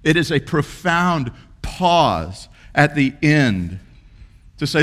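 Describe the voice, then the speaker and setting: A man's voice: a little high, big pitch swings, takes it slowly, a bit bright. A man, preaching a sermon in an earnest storytelling way that builds to emphatic peaks. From South Carolina, USA. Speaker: pastor.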